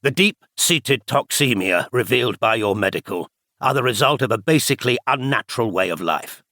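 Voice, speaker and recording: A man's voice: medium pitch, lively intonation, normal speed, pushed and bright, dry recording, clean studio sound. A man reading the part of a severe older male spy chief who lectures emphatically. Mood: lecturing.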